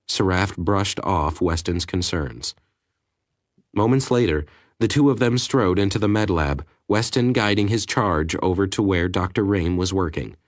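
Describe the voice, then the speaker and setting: Low-voiced male audiobook narrator. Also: a little slow, dry recording, clean studio sound. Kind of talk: scripted narration.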